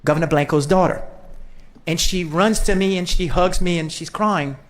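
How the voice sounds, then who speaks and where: A man's voice: high-pitched, normal speed. A man, a state senator giving a folksy, storytelling farewell speech to the legislature.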